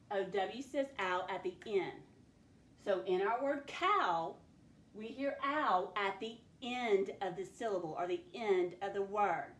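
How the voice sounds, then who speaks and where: A woman teacher leading a phonics spelling lesson for children, sounding out each word patiently. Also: mid-range voice. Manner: slow, patient, sounds words out. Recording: echoey room, faint background noise.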